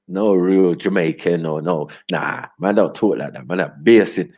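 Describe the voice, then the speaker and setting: Deep husky man, lo-fi. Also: normal speed, hardly any pauses, a little mellow. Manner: loose, slangy, laughing, keeps asking "get me?". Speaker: livestream host. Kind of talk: casual ranting commentary. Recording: dull lo-fi audio.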